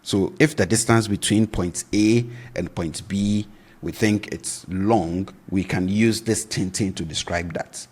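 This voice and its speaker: Brief: male language tutor, low husky voice, patient, repeats each word for the learner. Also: a little slow, a little mellow. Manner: patient, repeats words to drill pronunciation. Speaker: language teacher. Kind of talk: video lesson explanation.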